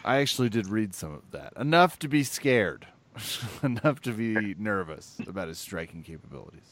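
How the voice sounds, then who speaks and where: A man co-hosting a casual podcast, playful and quick to laugh at himself. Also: fairly low pitch, sing-song, a bit bright. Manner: playful, self-mocking. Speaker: podcast co-host. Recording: dry close sound.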